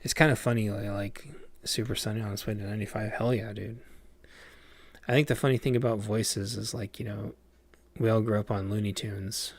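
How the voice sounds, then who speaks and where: A man's voice: on the low side, steady tone, brisk. A man casually chatting on a livestream while playing a game, rambling with lots of fillers and restarts. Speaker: game streamer.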